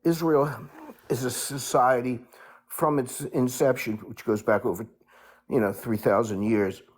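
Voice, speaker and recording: A man's voice: medium pitch, fairly even intonation. Hesitant American man calling in to a debate. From United States. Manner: measured and hesitant, full of ums and uhs. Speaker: call-in guest. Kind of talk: live online debate.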